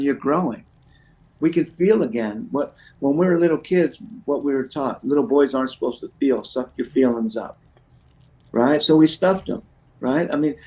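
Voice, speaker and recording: A man's voice: mid-range voice, a little mellow, rough recording. Earnest middle-aged man, passionate. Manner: earnest, passionate, many restarts and "you know"s. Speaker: guest speaker in addiction recovery. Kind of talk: casual interview talk.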